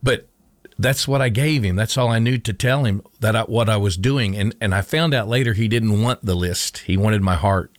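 A man's voice: on the low side, normal speed, dry recording, clean studio sound. A middle-aged man, a former coach, telling a personal faith story in conversation, earnest, repeating and restarting his phrases. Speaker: interview guest, former coach.

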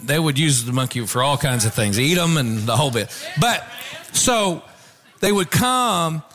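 A man preaching a sermon, telling a story with animated shouts and call-outs to the congregation. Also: fairly high pitch, moderate pace.

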